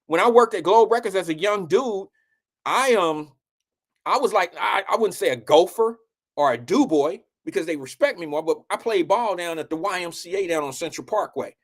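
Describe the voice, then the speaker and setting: A man's voice: high voice, animated, normal speed. A man hosting his own show, telling a long story in loose, profane, slang-heavy casual speech.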